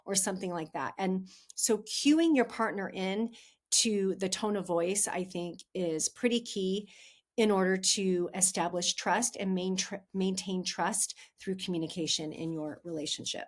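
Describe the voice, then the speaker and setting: A woman's voice: medium pitch, moderate pace. Chatty woman giving relationship advice. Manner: chatty and candid, addresses listeners as "you guys". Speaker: podcast host, relationship coach. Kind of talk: casual advice monologue.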